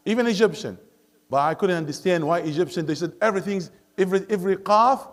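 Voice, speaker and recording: A man's voice: high-pitched, fast talker, fairly bright tone. A man teaching Quran recitation to a study circle. He switches between English and Arabic, keeps asking the class questions and recites verses melodically. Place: mosque classroom.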